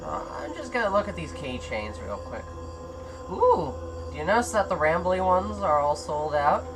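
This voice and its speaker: A young man with a high, nasal, nerdy voice giving rambly, jokey let's-play commentary on a game. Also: very animated, normal speed, over music. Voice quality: high nasal nerdy voice, compared to a cartoon sponge. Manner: rambly, jokey, self-deprecating. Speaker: gaming commentator.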